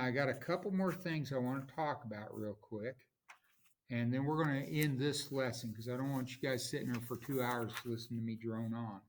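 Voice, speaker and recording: A man teaching a recorded lesson, explaining in a slow, informal way and correcting himself as he goes. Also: mid-range voice. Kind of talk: recorded lecture.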